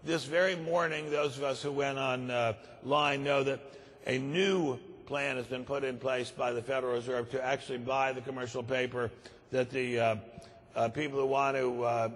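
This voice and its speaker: Older male keynote speaker, husky, grave and emphatic, long hall reverb. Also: medium pitch. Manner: grave, emphatic, repeats words for stress. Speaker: conference speaker. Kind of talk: keynote speech. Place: large conference hall.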